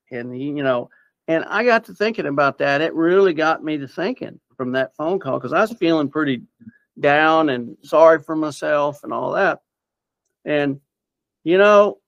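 A man's voice: fairly high pitch, no echo, muffled recording. A man earnestly telling a personal story in a rambling, casual way. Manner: earnest, rambling, with many fillers and restarts. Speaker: interviewee sharing personal story.

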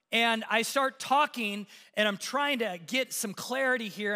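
A man telling a personal travel story with rising suspense, his voice climbing at the tense moments. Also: sits high. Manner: animated, building suspense, voice rising when tense. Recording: hall reverb.

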